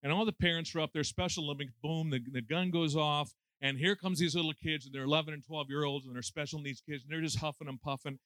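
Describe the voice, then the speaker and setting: A man's voice: a little high, steady tone, fast, hardly any pauses, a bit bright, no echo. A man in his sixties preaching a conversational sermon with folksy, self-deprecating humor and lots of fillers. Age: 60s.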